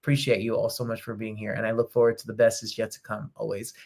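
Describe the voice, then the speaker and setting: A middle-aged man hosts a casual live talk show, chatting with his viewers in an effusive, emotional way and breaking into snippets of song. His voice is lowish and darkish, with vocal fry, and he talks fast in a flat delivery.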